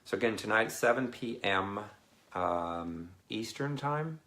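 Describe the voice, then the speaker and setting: A man's voice: fairly low pitch, expressive, slow pace, pushed and bright. A man chatting casually and rambling to viewers on a live video, often laughing between thoughts. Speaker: Christian ministry speaker.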